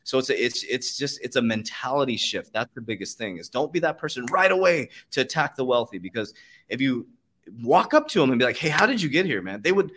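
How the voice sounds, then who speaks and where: A man's voice: medium pitch, expressive, fairly quick, fairly bright tone. A man hosting a casual podcast conversation, talking in a fired-up, profane, motivational way and laughing often. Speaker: podcast host.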